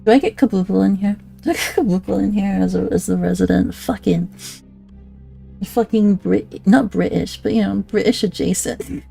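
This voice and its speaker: A woman streamer reads documents aloud in a relaxed way, stopping now and then for joking, swearing asides. Her voice is mellow and slightly gravelly, with faint music playing underneath. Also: medium pitch, moderate pace. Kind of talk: casual reading aloud with asides.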